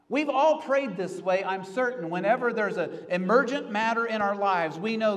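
A male pastor preaching an earnest sermon, rising to pleading and then dropping to hushed reflection. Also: sits high, expressive, moderate pace, hardly any pauses, long reverb tail.

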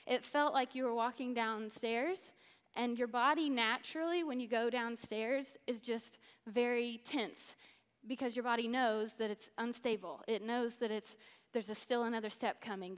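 A woman's voice: on the high side, clean tone. Upbeat woman speaker in a big hall. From Missouri, USA. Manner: enthusiastic, earnest and effusive. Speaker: church speaker. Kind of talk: sermon-style Bible teaching. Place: church auditorium. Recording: long church-hall reverb.

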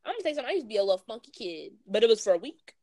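A woman's voice: a little high, sing-song, racing, dark tone, dry recording, clean studio sound. A woman, ranting bluntly and casually in slangy podcast chat. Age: 20s. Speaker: podcast co-host.

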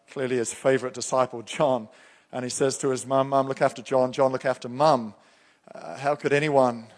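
Man, pastor, earnest sermon, emphatic, long hall echo. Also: medium pitch. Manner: earnest, emphatic preaching, reads scripture aloud.

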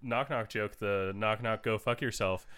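A man's voice: fairly low pitch, moderate pace, fairly bright tone, clean tone. A man co-hosting a podcast, joking dryly in casual chat and reading out film facts. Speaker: podcast co-host.

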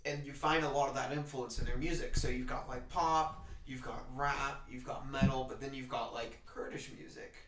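A man's voice: mid-range voice, fairly even intonation, moderate pace, few pauses, fairly bright tone, a little hiss or hum. A young man co-hosting a podcast in casual chat, rambling and restarting his sentences. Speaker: podcast co-host. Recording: roomy, distant mic.

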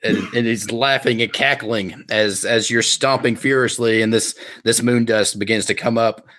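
A man's voice: mid-range voice, steady tone, moderate pace, fairly bright tone. A man narrating a comedic tabletop game as game master, playful, briefly putting on voices for characters.

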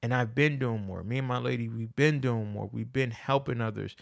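A man's voice: mid-range voice, normal speed, gravelly, dry recording, studio quality. A man hosting his own podcast, talking in an earnest, casual motivational monologue and repeating phrases for emphasis. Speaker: podcast host.

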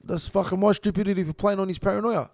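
Gravelly high-voiced man, swearing. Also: fairly even intonation, quick pace, darkish tone. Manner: profane, blunt, swears constantly; laughs through his own story. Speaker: guest telling a story. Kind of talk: casual storytelling.

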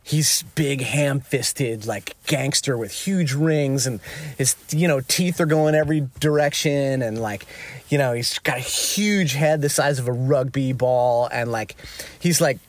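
A man, a touring musician, telling an anecdote in casual chat, animated and peppered with fillers. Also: unhurried. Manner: animated, jumps into high excited voices when quoting himself; peppers speech with "like" and "you know". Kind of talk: casual storytelling.

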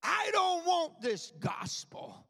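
Preacher doing a defiant young man, raised, gravelly voice, echoing church. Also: very high-pitched, big pitch swings, takes it slowly, pushed and bright, pitched above the performer's own voice, exaggerated voice. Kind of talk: quoted voice in a sermon.

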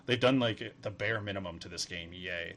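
A man in his thirties from Atlantic Canada, co-hosting a gaming podcast in animated casual chat. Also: low-pitched. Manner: animated, quick, laughs often. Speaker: podcast co-host.

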